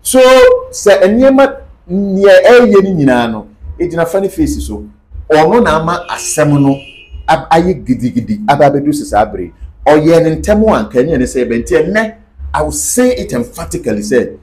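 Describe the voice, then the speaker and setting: Man, high and very expressive, emphatic interview guest. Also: normal speed, poor audio. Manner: animated, emphatic, repeats key phrases. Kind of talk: casual interview talk mixing Twi and English.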